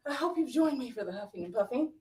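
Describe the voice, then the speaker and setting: A high-voiced woman leads a workout, puffing as she cheers her class on and counts down the seconds. She speaks from well back from the mic in an echoey room. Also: lively intonation, fast, darkish tone, recorded from a distance. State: out of breath. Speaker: fitness instructor. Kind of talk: live workout coaching.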